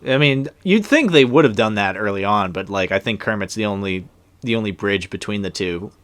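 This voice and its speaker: A young man chatting loosely over a film, trailing off and circling back with plenty of fillers. His voice sits on the lower side and the sound is dry and close to the mic. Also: lively intonation, a little fast, fairly bright tone, dry recording. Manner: rambling, loose, with many fillers and trailing sentences. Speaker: co-host of a movie commentary. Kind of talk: casual movie commentary chat.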